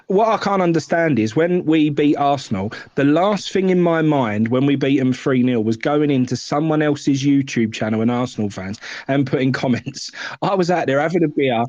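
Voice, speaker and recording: A man's voice: medium pitch, normal speed, darkish tone, no echo. Blunt man, dry muffled audio. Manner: blunt, rambling, sweary banter. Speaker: football fan show co-host. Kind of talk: casual live-stream chat.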